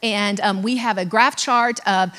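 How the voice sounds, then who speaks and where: A woman's voice: medium pitch, steady tone, unhurried, a bit bright, in a large hall, close to an everyday voice. A woman playing a nervous young sorority risk manager who talks in a chipper, hesitant way full of ums.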